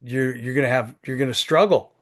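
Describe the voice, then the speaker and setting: A man's voice: medium pitch, a little fast, fairly bright tone. A man in his sixties hosting a networking group on a video call, folksy and joking, often repeating his words.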